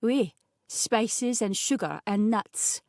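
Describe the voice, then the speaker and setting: A woman's voice: a little high, expressive, a little mellow, no echo, studio quality. A woman reading aloud, voicing a grumpy male private chef with a thick French accent, speaking curtly. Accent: French, put on. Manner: slow, curt, frowning.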